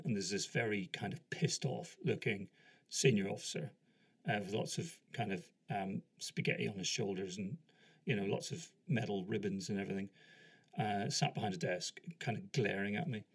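A man's voice: on the low side, creaky, slightly rough. A man hosting a podcast, telling a long personal story in a rambling, self-deprecating way and acting out the other people in it. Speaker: podcast host. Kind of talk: casual storytelling monologue.

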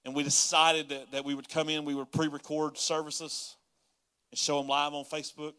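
A man preaching a sermon as a pastor, folksy and conversational, rising to loud pleading. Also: fairly high pitch, level tone, normal speed, clear, resonant tone. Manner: folksy Southern-style preaching, rising to yelling in acted prayers.

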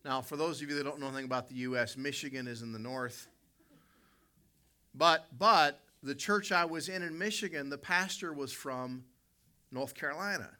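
A man's voice: mid-range voice, moderate pace, pushed and bright. An American man from West Virginia, middle-aged, preaching a sermon and telling a personal story to his congregation, often correcting himself as he goes. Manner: storytelling, self-correcting, addresses congregation directly.

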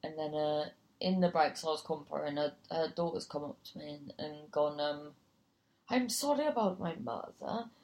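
A woman's voice: low-pitched, little pitch movement, moderate pace, hardly any pauses, a little mellow. A woman comedian telling a gig story casually, swearing freely and acting out other people's voices. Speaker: comedian and compere.

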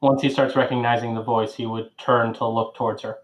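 A man joining a tabletop game as a guest player. He describes his character's actions in a relaxed, matter-of-fact tone. His voice sits at a middle pitch. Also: fairly quick, poor audio. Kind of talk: casual tabletop game play.

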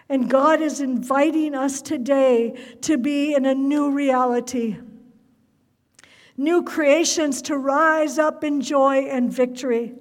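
A woman preaching a fervent sermon, her voice rising to loud cries at its peaks. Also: sits high, long reverb tail.

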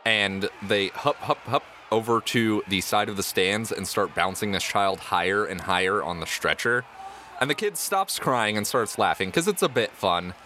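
A man running a tabletop game as its game master, narrating the scene and calling for dice checks. His voice sits a little low but sounds bright and forward, and he often chuckles as he talks. Faint noise hums underneath. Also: normal speed.

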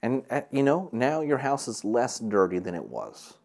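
A young man hosts a casual solo podcast, talking at a moderate pace in a medium-pitched, darkish voice with vocal fry and wildly swooping pitch. His monologue is rambling but earnest and encouraging, full of fillers and repeated words, with an air conditioner humming in the background.

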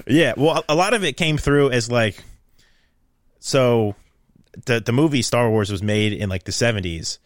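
A man's voice: mid-range voice, moderate pace, dry recording, clean studio sound. A young man in casual podcast chat, rambling and laughing often, with jokey put-on voices.

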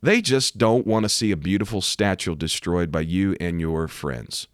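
An American man, a preacher, talking emphatically about faith and current events and rising to loud, animated outbursts. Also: deep voice, moderate pace, no room sound, clean studio sound. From United States. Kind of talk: preaching commentary to camera.

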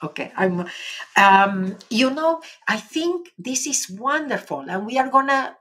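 A woman with an Argentinian Spanish accent, a native Spanish speaker, hosting a casual live stream and reading viewer comments in a gentle, encouraging way with many fillers. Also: on the high side, lively intonation, a little slow, slightly rough.

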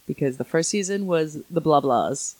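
A woman co-hosting a podcast in a casual chat, chatty and animated, often giggling. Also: low-pitched, normal speed, dry recording. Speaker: podcast co-host.

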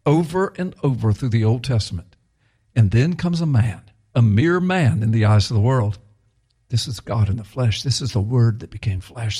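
A man's voice: mid-range voice, a little mellow, breathy edge. A man preaching a sermon in a conversational, emphatic way, repeating key phrases for effect.

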